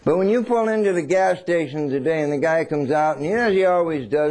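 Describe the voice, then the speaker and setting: A man preaches a sermon in a fairly high voice. He swings between loud and hushed, acting out little scenes as he goes. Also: a little fast, hardly any pauses.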